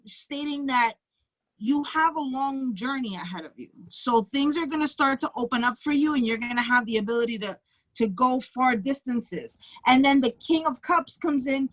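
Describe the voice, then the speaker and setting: A psychic with a Bronx New York accent does a tarot reading on a live stream, her high voice a bit bright over poor, echo-free audio. She's casual and blunt, swears freely, and keeps checking in with "okay?"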